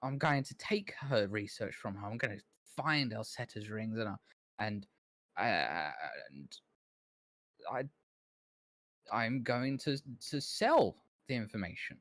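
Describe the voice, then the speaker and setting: A man's voice: fairly low pitch, lively intonation, slow, a bit bright, pitched above the performer's own voice. A man voicing a resentful, whiny young male bookkeeper's assistant who stammers petulantly.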